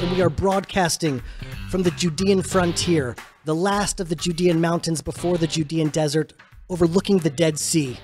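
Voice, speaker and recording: A man's voice: high-pitched, darkish tone. A man hosting a radio talk show, welcoming listeners and teasing his co-host in an upbeat way. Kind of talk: casual radio chat.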